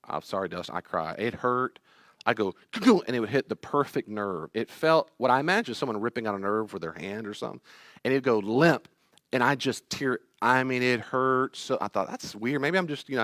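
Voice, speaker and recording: A man's voice: mid-range voice, fairly bright tone, no echo. A middle-aged man, a therapist teaching a class, telling personal stories in an earnest, pleading way. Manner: earnest, pleading, acts out quoted voices.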